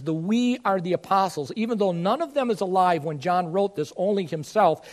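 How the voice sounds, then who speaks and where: Male pastor, sermon delivery, fairly high voice, reads verses then presses the point with questions. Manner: reads scripture aloud and explains it verse by verse; rising to fervent emphasis with rhetorical questions.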